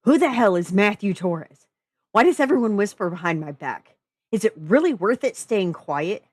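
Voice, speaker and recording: Woman playing an angry shouting young man. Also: mid-range voice, lively intonation, normal speed, no echo, pitched above the performer's own voice, lightly acted. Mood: angry, demanding. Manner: shouting, demanding.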